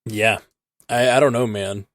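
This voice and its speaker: A man's voice: lowish voice, fairly even intonation, no room sound. Male co-host, casual chat, hesitant delivery full of "like" and "uh", dry close sound. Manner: halting, full of fillers and restarts. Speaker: podcast co-host.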